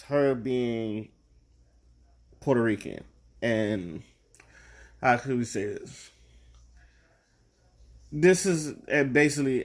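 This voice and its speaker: A young man talking straight to camera in a casual opinion vlog. He rambles, restarts often and grows louder and more heated as he goes on. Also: medium pitch. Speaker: vlogger.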